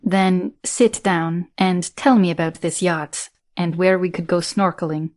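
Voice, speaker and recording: Brief: woman narrator doing a deep-voiced, sultry Eastern European flirt for an audiobook, low register. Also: fairly even intonation, a little slow, darkish tone, lightly acted. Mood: coy. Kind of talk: audiobook character reading.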